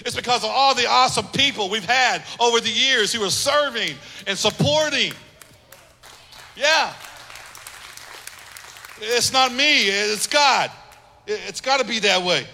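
A man's voice: very high voice, expressive, a little slow, pauses often, pushed and bright, some chatter behind. A man preaching a sermon as pastor, emphatic, repeating phrases and acting out little quotes. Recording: long hall reverb.

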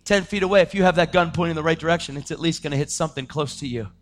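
A man preaching his testimony in a dramatic storytelling style, swinging between loud outbursts and hushed tones. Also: fairly high pitch, racing. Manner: acts out the voices of people in his story. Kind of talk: testimony sermon.

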